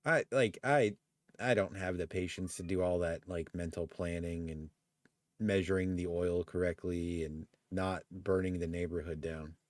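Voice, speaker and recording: A man's voice: low-pitched, steady tone, a little slow, no echo, studio quality. A man co-hosting a live stream, chatting easily and laughing often as he rambles. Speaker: podcast co-host. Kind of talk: casual chat on a live stream.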